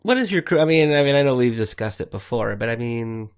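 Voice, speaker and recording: A man's voice: medium pitch, expressive, fairly quick, clean tone. A man chatting casually on a comedy podcast, laid-back and a little hesitant.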